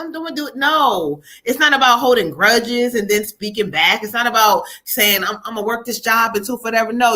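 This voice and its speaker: Chatty bright-voiced woman giving readings. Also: a little high. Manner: chatty, laughs often, relays spirit messages. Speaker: psychic reader hosting a live stream. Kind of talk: live tarot reading.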